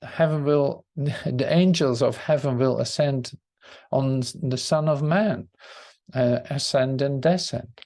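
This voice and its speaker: Male group leader, reflective scripture talk, unhurried and searching, low dark tone. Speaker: spiritual study group leader.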